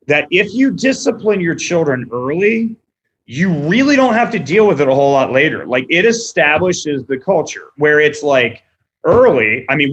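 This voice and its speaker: A man in his thirties chatting casually as a podcast guest, telling animated stories and quoting people in voices. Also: on the high side, husky, dull audio. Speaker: podcast guest, restaurant owner.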